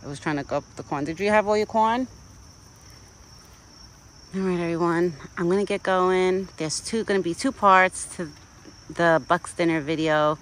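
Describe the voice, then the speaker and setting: Here a young woman rambles casually into her phone camera outside in a rural yard, cooing to a deer in baby talk. Her voice is lowish and her speed normal, broken by long pauses, on a low-quality recording.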